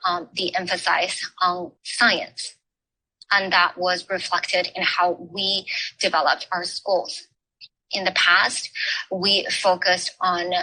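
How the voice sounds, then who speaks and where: A woman giving an academic talk at a forum, speaking haltingly with many filler pauses. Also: fairly low pitch, pushed and bright, breathy edge, low-quality recording. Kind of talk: academic talk on education history.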